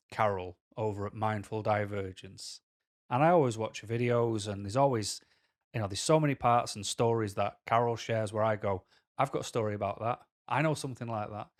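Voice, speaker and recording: A man with a Mancunian accent talks candidly to camera as a vlogger, rambling through personal stories full of tangents. His voice is on the low side.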